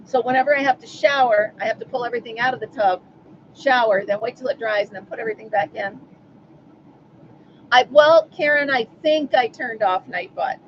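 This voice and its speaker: A woman's voice: a little high, a little fast, dull audio. Woman, live stream host, casual chat, answers viewers by name, faint background noise. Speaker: livestream host. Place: at home.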